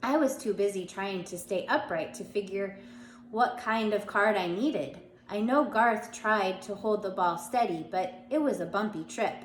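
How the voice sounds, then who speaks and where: A woman's voice: mid-range voice, a little slow. Woman reading a children's book aloud, echoey room. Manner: reads with small slips and restarts, voices the characters. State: allergies, occasional cough. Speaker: reader. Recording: echoey room, faint background hum.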